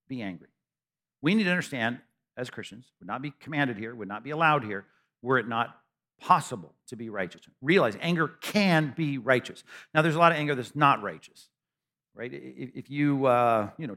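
A middle-aged man preaching a sermon conversationally, with rhetorical questions, humor and repeated phrases that build to loud peaks. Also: medium pitch. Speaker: pastor.

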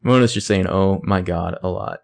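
Low gravelly man, casual podcast recap. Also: normal speed, a little mellow. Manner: acts out characters' lines in brief put-on voices. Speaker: podcast co-host recapping a show. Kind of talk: casual chat.

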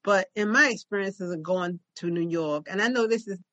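A woman co-hosting a podcast, telling a story in a chatty, animated way. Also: mid-range voice, moderate pace, dry recording. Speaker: podcast co-host. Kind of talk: casual chat, storytelling.

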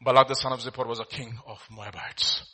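A man from India preaching a sermon, his delivery swinging between loud, emphatic bursts and quiet, hushed asides. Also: mid-range voice, steady tone, a little fast, husky.

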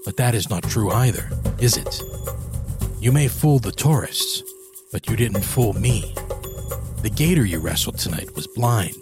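A towering captor with a lowish, measured voice that turns quietly threatening, as a male storyteller puts him on. He accuses rather than shouts. Clear background music plays under the storybook reading. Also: lively intonation. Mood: accusing. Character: huge, stern adult male captor, coldly menacing.

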